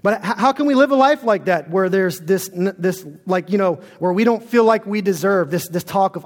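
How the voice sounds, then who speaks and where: A man's voice: high-pitched, normal speed, hardly any pauses, long reverb tail. A man preaching a sermon as pastor in a church, earnest and storytelling.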